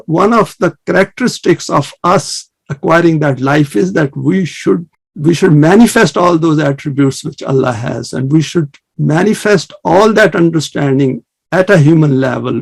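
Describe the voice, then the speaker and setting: Religious lecturer, male, earnest and measured, fry in the voice. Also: fairly high pitch. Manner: earnest, measured lecturing with fast Arabic recitation. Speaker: Islamic study presenter.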